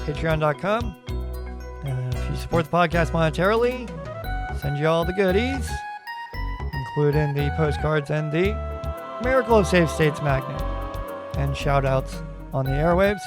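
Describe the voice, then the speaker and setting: A man hosting his own podcast, telling stories in a rambling, wry, casual way. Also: a little high. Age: adult parent. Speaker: podcast host. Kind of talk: casual solo podcast chat.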